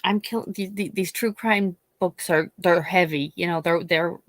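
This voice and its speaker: A woman from Pennsylvania, a YouTuber, chatting casually and telling a story in a rambling, animated way with many restarts. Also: on the low side, a little slow, no room sound. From Scranton, Pennsylvania. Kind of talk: casual chat.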